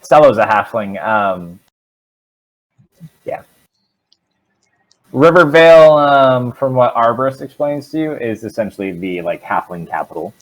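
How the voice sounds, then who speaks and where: A man narrating as dungeon master in a relaxed, rambling way, with lots of "um" and "like". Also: medium pitch, a little slow, long pauses, poor audio. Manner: relaxed, rambling, filler-heavy. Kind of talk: narrating a tabletop game.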